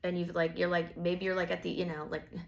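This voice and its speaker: A woman's voice: on the low side, flat delivery, fast talker, vocal fry. A woman giving a casual tarot reading, rambling and full of filler words, with the odd swear. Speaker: tarot reader.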